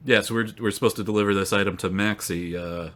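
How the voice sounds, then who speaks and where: A man playing a tabletop game, joking and relaxed. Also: on the low side, quick pace. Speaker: player. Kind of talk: tabletop role-play.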